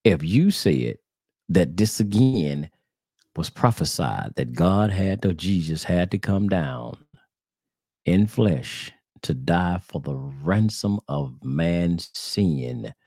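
Hosting a religious podcast, a man speaks slowly and expressively in a low, mellow, slightly rough voice, preaching to his online audience through repetitive rhetorical questions addressed to "brothers and sisters." It's a dry, clean studio recording made on a screen-sharing computer setup.

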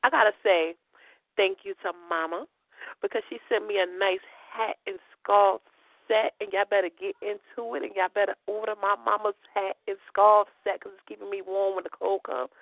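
A woman's voice: medium pitch, steady tone, moderate pace, creaky, dry recording. A woman calling in to a talk radio show, chatting in a casual way. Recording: tinny phone line.

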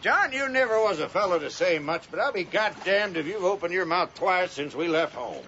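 A man's voice: sits high, normal speed, heavily acted. A homespun Oklahoma farmer father. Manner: homespun, lively. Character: hopeful, plain-spoken farmer father. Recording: dull, faintly hissy old film soundtrack.

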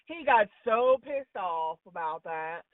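Animated yet slow, a woman with a mid-range voice calls in as a wrestling commentator for a casual chat, cussing freely and speaking bluntly with strong opinions. Her tinny phone line carries a little hiss or hum, and she seems distant from the mic.

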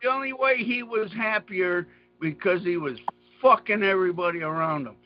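A man's voice: sits high, normal speed, muffled recording. A man in casual chat who rambles through emphatic, profane rants.

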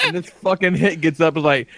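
A man's voice: fairly high pitch, heavy background noise. A man co-hosting a podcast, telling a story with profanity and frequent laughter. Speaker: podcast co-host. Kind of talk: animated storytelling.

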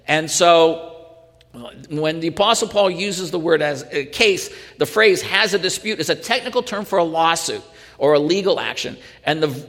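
Male pastor, slightly high voice, earnest sermon full of rhetorical questions, recorded with a long hall echo. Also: a bit bright.

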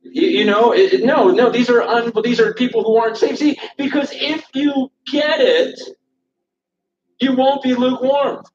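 A man preaching with urgent, impassioned force, stumbling over repeated words as he presses each point. His voice sits very high for a man. He is heard from far off in a roomy, dull-sounding church recording. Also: fairly even intonation, moderate pace. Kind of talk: sermon.

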